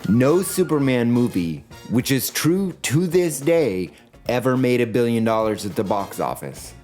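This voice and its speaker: A man narrates a scripted video essay in a sardonic, jokey tone, pushing his pitch up and down for effect. His voice sits at a middle pitch. Faint music plays underneath. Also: sing-song, measured pace, a little mellow.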